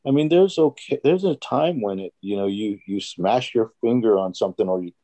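A man with a low, mellow voice shares stories in an earnest, easygoing way during a church discussion. The sound is dry and close, with no room around it, and he often acts out the conversations he recounts. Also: animated, a little fast, dry recording. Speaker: Bible study participant.

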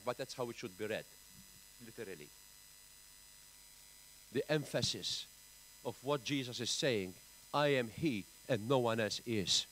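Slow, emphatic Maltese pastor preaching. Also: male voice, slight background noise, low-quality recording. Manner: emphatic preaching with big swings in pitch and loudness. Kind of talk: sermon. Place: church.

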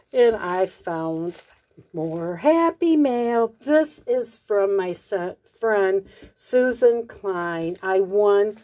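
A woman crafting vlogger chatting casually as she opens happy mail, gushing with soft excited exclamations. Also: on the low side. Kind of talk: casual unboxing chat.

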